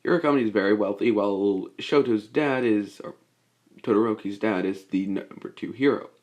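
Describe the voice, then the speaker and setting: A man voicing a confident, blunt teenage boy in a fan-made story, in a low, offhand everyday voice. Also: moderate pace, a little mellow, close to an everyday voice.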